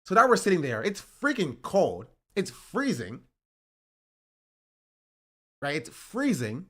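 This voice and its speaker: A man's voice: a little high, huge pitch swings, slow, pauses often, fairly bright tone. A man streaming, telling a travel story in rambling casual chat and checking in with "right?" as he goes. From United States. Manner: rambling, keeps asking "right?" and "you know?".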